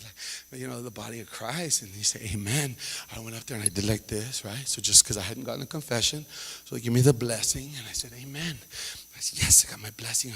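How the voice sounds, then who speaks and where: A man performing stand-up comedy, animated, acting out quoted voices and swinging from loud to hushed. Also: fairly high pitch, long reverb tail, slight background noise.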